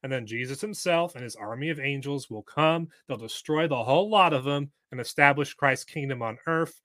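Male podcast guest, emphatic, bright and forceful tone, dry close sound. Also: medium pitch, moderate pace, no room sound. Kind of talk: casual interview chat.

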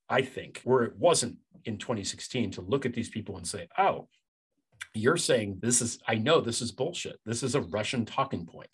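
A man's voice: on the low side, slightly rough. A man speaking as a guest commentator in casual political chat, blunt, conversational and opinionated.

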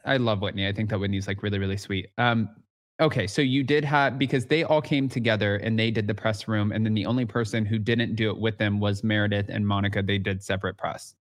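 A man's voice: fairly low pitch, quick pace. A man hosting a casual recap podcast, chatty and gossipy, filling his talk with "like". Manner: chatty, gossipy, heavy use of "like". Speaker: podcast host.

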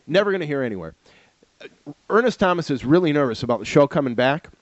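A man co-hosting a podcast spins stories about old TV shows, laughing often and repeating words in an animated, casual way. His slightly high voice moves fast, with no room sound and the highs cut off.

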